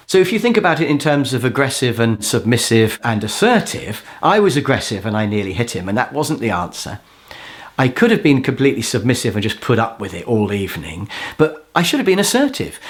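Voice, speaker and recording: Animated male instructor telling a story. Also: mid-range voice. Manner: animated, self-mocking storyteller who acts out quotes. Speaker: course instructor. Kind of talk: storytelling lesson.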